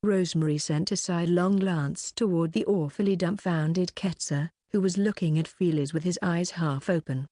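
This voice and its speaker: Brief: woman narrator, low mellow voice, steady read, dry close sound. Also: moderate pace, hardly any pauses, no echo. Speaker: audiobook narrator. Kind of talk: scripted audiobook narration.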